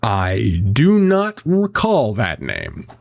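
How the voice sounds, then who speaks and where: Animated swearing male streamer. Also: lowish voice, extremely slow, vocal fry. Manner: rambling, swears often, reads chat aloud. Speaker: streamer and visual novel voice actor. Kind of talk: casual live-stream chat.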